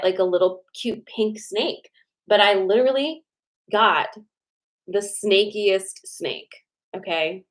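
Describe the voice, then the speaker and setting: A woman's voice: lowish voice, poor audio. A woman in her forties hosting a casual livestream, chatty and rambling, reading cards to viewers and full of "like" fillers.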